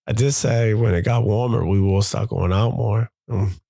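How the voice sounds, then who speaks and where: Gravelly, low-voiced dad speaking candidly. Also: male voice, dark tone, no echo. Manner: confessional, halting, repeats himself as he gathers thoughts. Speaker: father and show host. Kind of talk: candid reflective monologue.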